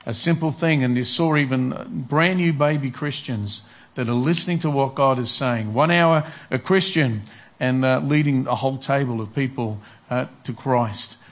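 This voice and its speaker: A man's voice: mid-range voice, normal speed. A man preaching earnestly in a sermon, reflecting on a story and repeating his key phrases. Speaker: pastor.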